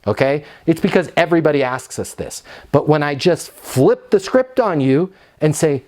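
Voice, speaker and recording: A middle-aged man teaches sales technique with punchy emphasis, and his voice sits somewhat high for a man. He talks straight to the viewer and acts out snippets of phone calls along the way. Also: normal speed. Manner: energetic, emphatic, acts out both sides of calls. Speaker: leasing sales trainer. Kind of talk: instructional talk with role-played phone calls.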